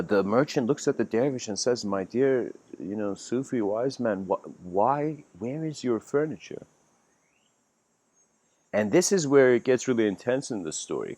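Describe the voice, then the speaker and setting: A man giving a casual livestreamed spiritual lecture, telling a story in a rambling way with many fillers and restarts. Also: lowish voice. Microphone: home livestream mic.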